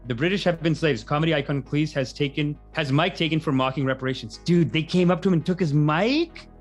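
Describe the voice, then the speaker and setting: A man's voice: on the high side, brisk, faint music behind. A man hosting a podcast, riffing in a rambling, tangent-prone comedic monologue. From Canada.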